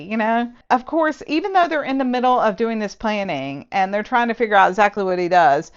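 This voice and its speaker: A woman's voice: medium pitch, lively intonation, moderate pace, clear, resonant tone, lo-fi sound. Woman, casual book reviewer, dry sarcasm, fed-up tone. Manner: sarcastic, exasperated.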